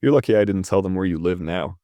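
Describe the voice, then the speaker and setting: Casting: a man voicing a stern, blunt ex-convict, low voice, read straight. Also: fast, mellow, no room sound, close to an everyday voice.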